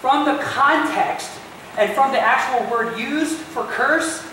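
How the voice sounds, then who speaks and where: A man preaching a sermon as a pastor, telling the story with animated emphasis and speaking directly to his listeners. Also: extremely high pitch, slow pace, slight background noise. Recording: very echoey distant church recording.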